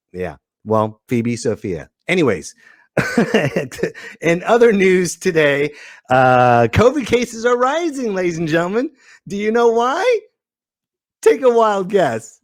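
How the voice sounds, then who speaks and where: A man hosting a comedy podcast, giving an animated, joking monologue full of rambling asides. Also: medium pitch, no room sound, studio quality. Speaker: podcast host.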